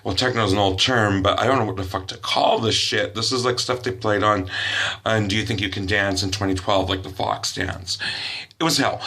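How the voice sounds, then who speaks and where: Brief: male vlogger, swearing, sarcastic storytelling, bright, edgy tone. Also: lowish voice. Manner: exasperated, sarcastic, swears freely. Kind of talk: profane storytelling rant.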